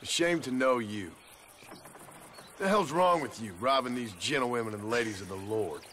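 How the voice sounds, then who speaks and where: A man's voice: mid-range voice, moderate pace, a bit bright, a little hiss or hum, natural voice. A man playing a stern frontier gunslinger. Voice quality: stern, threatening, dry. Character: stern, gruff male western gunslinger. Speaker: game character. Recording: game audio with outdoor ambience.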